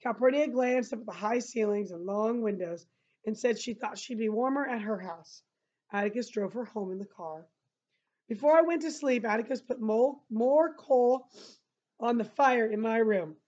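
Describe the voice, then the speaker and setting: Woman teacher reading a novel aloud and stopping to explain; fairly high voice, muffled recording. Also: moderate pace, darkish tone. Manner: breaks off the reading to explain to listeners. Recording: dull lo-fi recording.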